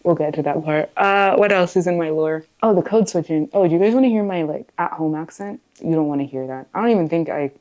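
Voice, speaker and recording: Chatty playful woman, low mellow voice. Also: fast talker, few pauses, muffled recording. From born in Zimbabwe, raised in the US. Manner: chatty, playful, joking asides. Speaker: beauty vlogger. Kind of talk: casual get-ready-with-me chat.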